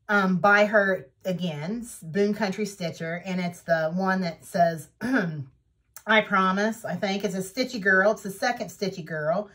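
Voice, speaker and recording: A woman's voice: medium pitch, a bit bright. A woman hosting a needlework vlog, chatting casually and enthusiastically as she shows off projects. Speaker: needlework vlogger. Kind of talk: casual show-and-tell chat.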